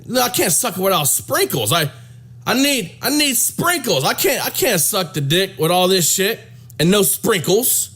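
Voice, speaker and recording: A man's voice: high-pitched, sing-song, moderate pace, fairly bright tone, breathy edge, pitched above the performer's own voice, full character voice. A man doing a brash, demanding woman. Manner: insistent, fussy complaining.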